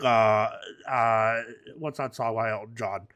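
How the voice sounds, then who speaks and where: A man giving let's play commentary, rambling through absurd, crude jokes and swinging between mumbled asides and loud outbursts. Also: lowish voice, steady tone, slow pace. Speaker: gaming commentator.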